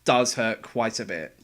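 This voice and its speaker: A young man casually explaining how he made game voices, talking in a relaxed, halting way. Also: mid-range voice. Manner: halting, relaxed, with fillers and restarts. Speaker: game voice actor and sound editor. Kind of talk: casual developer commentary.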